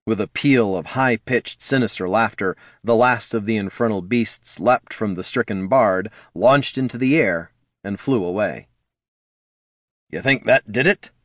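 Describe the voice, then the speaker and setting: A man narrating a fantasy audiobook in a measured storytelling manner. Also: on the low side, dry recording, clean studio sound. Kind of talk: scripted narration.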